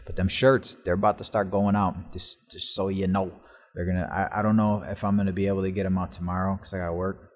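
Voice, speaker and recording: A man's voice: low-pitched, flat delivery, fast. A man hosting his own podcast, telling rambling stories in casual talk and swearing constantly, recorded on a laptop in a basement workshop. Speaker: podcast host. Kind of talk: casual solo storytelling. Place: basement workshop in an old house.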